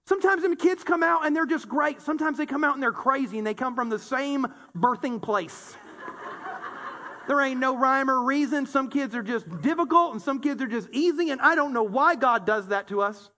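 A man's voice: very high voice, normal speed, in a large hall. A man in his thirties preaching a sermon, telling funny stories with acted-out quotes. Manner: animated, humorous storytelling with acted-out quotes. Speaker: pastor.

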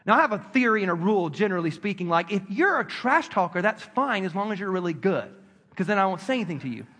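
Animated high-voiced preacher in a hall. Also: male voice, quick pace. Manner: animated storytelling, swings from loud to hushed. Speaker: pastor. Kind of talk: sermon.

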